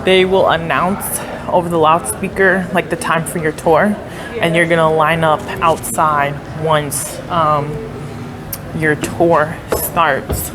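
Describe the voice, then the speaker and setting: Slow, chatty young woman vlogging. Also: deep voice, little pitch movement, a crowd in the background. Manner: chatty, many "like" fillers, unsure asides. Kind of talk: casual travel vlog narration. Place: outdoors and in a tourist building.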